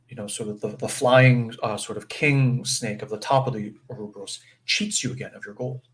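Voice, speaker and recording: Man, spiritual teacher, informal talk with plenty of fillers and quick check-ins. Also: medium pitch, a bit bright. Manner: conversational, full of fillers and "right?" check-ins; acts out brief quoted voices with chuckles. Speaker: spiritual teacher leading a session.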